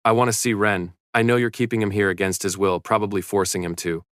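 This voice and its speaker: A man's voice: on the low side, flat delivery, fast talker, fairly bright tone, clear, resonant tone, no room sound, clean studio sound, natural voice. A man doing a drunk, pushy father. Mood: insistent. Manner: slurred, pleading, insistent. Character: drunk, manipulative father, middle-aged man.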